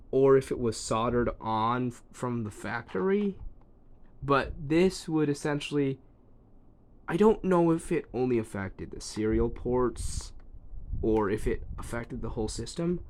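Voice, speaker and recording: In this casual phone-recorded demo, a tech reviewer handles an old gadget while thinking out loud, dropping ums and trailing asides. His voice sits at a medium pitch and sounds a little mellow.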